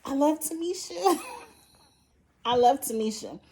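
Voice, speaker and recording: A woman's voice: high-pitched, expressive, measured pace, a little mellow, slight background noise. A woman hosting a casual recap vlog, blunt and profane with lots of slang, animatedly acting out quotes. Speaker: show reviewer and channel host.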